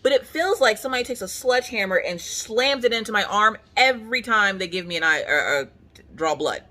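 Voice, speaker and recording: A woman's voice: mid-range voice, lively intonation, normal speed, sharp tone. A young adult woman in a casual at-home chat, telling a story in a dramatic, comic way and acting out the people in it. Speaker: craft vlogger. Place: at home on a couch.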